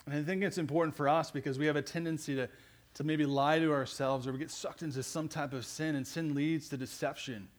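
A male pastor delivers a sermon in an earnest, building way. His voice sits a little higher than most men's. He leans into his points with growing emphasis. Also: fairly even intonation, brisk.

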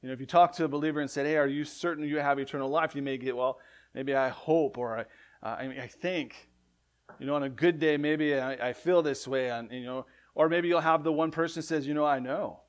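A man preaching a sermon in a conversational way, often asking "right?", correcting himself, and swinging between loud emphatic lines and quiet ones. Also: on the high side, fairly even intonation, fast talker, few pauses. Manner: conversational, frequent "right?" asides and self-corrections. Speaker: pastor.

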